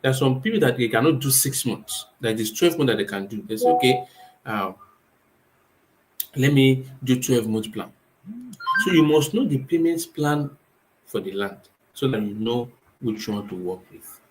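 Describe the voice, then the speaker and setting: Nigerian man, real estate owner, mid-pitched, drills points with call-and-response questions. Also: expressive, fairly quick, slight background noise, poor audio. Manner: emphatic, asks rhetorical questions and answers them himself. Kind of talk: spoken advice talk.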